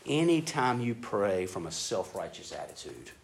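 A man preaching a sermon in a casual, animated way, acting out prayers in an excited voice. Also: on the low side, normal speed, creaky. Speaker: pastor. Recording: echoey room with faint ambient noise.

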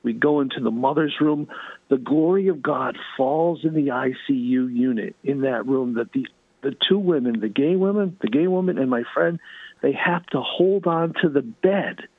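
A man telling fervent testimony stories as a talk show guest, with a husky voice and many restarts. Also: medium pitch, moderate pace, phone-quality sound.

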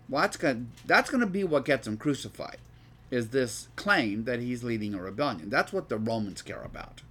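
A man's voice: medium pitch, expressive, moderate pace, bright, forceful tone, slightly rough. A man leading a conversational Bible study. He reads scripture aloud, then explains it loosely, asks the group questions and often restarts his sentences while thinking aloud.

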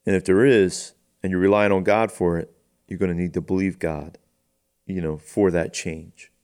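A man co-hosting a faith podcast as its pastor, reading and explaining scripture in a relaxed, conversational way and thinking aloud as he goes. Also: low-pitched, normal speed. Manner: conversational, thinks aloud, acts out quoted lines.

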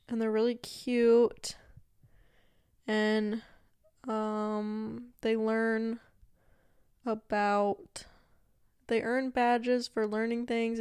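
A young woman hosting her own podcast, chatting casually and meandering with lots of fillers and asides, sometimes dropping to a quiet murmur. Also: on the high side, clean tone. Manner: yawning, drops to a quiet murmur at times. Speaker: podcast host. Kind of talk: casual solo chat.

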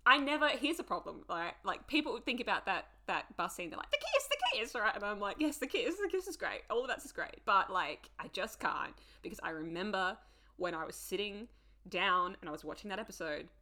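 A woman co-hosting a podcast in casual chat, gushing and excitable, laughing often. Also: medium pitch, a little fast. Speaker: podcast co-host.

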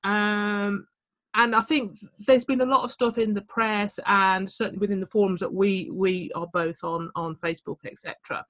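A woman's voice: mid-range voice, fairly even intonation, normal speed, a bit bright, dry recording. A woman with a Birmingham accent hosting a podcast, upbeat and chatty as she leads the conversation. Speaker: podcast host, celebrant. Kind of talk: casual podcast interview.

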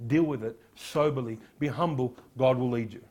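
A man preaching a sermon as a pastor, firing rhetorical questions and dropping quiet on solemn points. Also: mid-range voice, normal speed.

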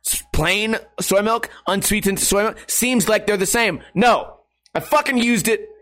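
A man's voice: sits high, a little slow, a bit bright. A man in his thirties rambling casually in a vlog, crude and self-mocking, swearing often and laughing at himself. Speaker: vlogger.

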